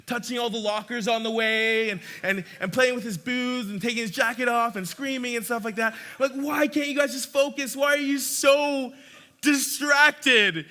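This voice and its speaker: A young man with a high, very bright voice tells a story from the front of a church. Animated and chatty, he often restarts his sentences and breaks into laughter.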